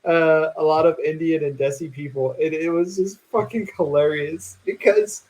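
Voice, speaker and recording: A man's voice: on the high side, fairly even intonation, moderate pace, darkish tone, poor audio. A man co-hosting a podcast, joking and laughing along in casual chat. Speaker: podcast co-host.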